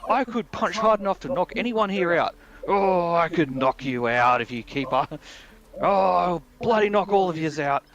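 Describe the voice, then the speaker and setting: A man's voice: high-pitched, expressive, moderate pace, fairly bright tone, lo-fi sound, pitched above the performer's own voice. A man putting on the voice of a skinny, angry young man in hospital rehab who boasts in a little tantrum. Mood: blustering.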